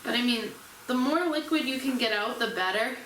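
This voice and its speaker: A woman's voice: a little high, normal speed, roomy sound, recorded from a distance, noisy background. A woman hosting her own cooking vlog, chatting casually and unsure of herself as she cooks in a home kitchen. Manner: chatty, unsure, self-deprecating while working. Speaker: cooking vlogger.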